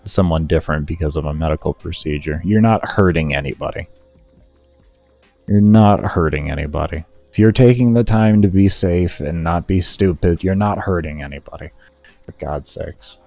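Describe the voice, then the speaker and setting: Deep, mellow-voiced male gaming streamer. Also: a little fast, no echo, faint music behind. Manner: swears heavily, rants and berates himself when frustrated; chats with viewers in a relaxed, rambling way. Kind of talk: casual live-stream chat while gaming.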